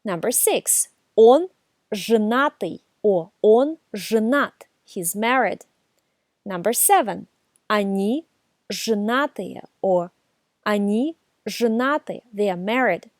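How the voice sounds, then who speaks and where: A woman giving a scripted beginner language lesson, reading numbered examples and saying the foreign words slowly and carefully. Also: medium pitch, expressive, dry recording, clean studio sound. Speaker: language teacher.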